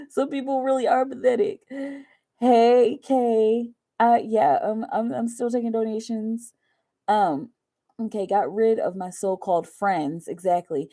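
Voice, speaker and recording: A woman's voice: fairly high pitch, a little slow, mellow. A young woman hosting a tarot livestream, chatting casually to viewers in a rambling way, laughing often and saying "like" a lot. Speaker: tarot reader livestream host.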